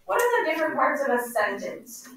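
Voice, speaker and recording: A woman teacher leading a class with call-and-response questions, slowing down to stress key words. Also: high voice, sing-song, fairly bright tone. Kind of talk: classroom instruction. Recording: echoey room, mic far off, faint noise.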